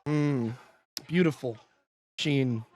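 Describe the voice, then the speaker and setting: A man co-hosting a podcast, reacting excitedly to a film as it plays in a commentary track and laughing often. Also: medium pitch, very slow. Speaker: podcast co-host.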